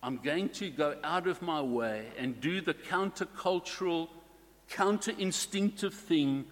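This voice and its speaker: A man preaching a sermon to his congregation in a slow, deliberate way, stressing key words. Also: a little high, big-room sound.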